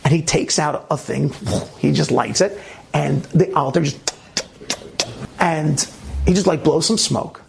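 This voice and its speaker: A man with a raspy voice telling a Torah story in a lively way, with restarts and sound effects. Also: fairly high pitch, a little slow, long pauses, noisy background. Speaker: Torah speaker. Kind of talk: animated storytelling talk.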